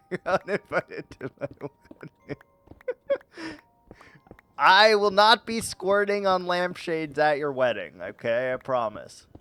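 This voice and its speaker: Speaking in a slightly high, somewhat bright voice, a man streams a game and chats casually with his viewers. He teases them in playful banter and often laughs at his own jokes.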